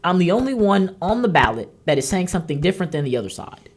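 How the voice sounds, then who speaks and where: A woman hosts a political talk show, fired up and scolding. Her voice is slightly husky. Her pitch leaps and dips widely as she makes her points. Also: big pitch swings, fast talker. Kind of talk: heated political commentary. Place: studio.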